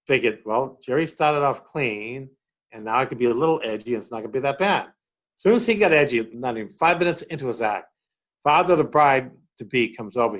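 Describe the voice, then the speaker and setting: A middle-aged man with a Boston accent, a comedian chatting as a guest and telling stage stories with lively, acted-out quotes. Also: medium pitch. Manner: animated storyteller acting out quotes. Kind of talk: casual chat, storytelling.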